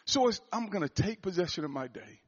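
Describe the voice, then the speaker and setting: Male preacher, high-ish voice, animated, muffled recording. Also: fairly quick, breathy edge. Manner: animated preaching, rising loud for emphasis. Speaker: speaker at a church gathering. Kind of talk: sermon-style talk.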